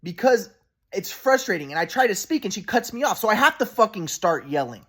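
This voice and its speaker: A man's voice: high voice, very animated, a little fast, fairly bright tone, breathy edge. A man in his thirties venting in a casual monologue, rambling and profane, full of restarts. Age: 30s. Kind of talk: casual personal vlog monologue.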